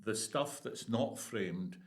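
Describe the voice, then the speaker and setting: Male podcast guest: low voice, slow and hesitant delivery. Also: animated. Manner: slow, hesitant, with pauses and ums. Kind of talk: casual chat.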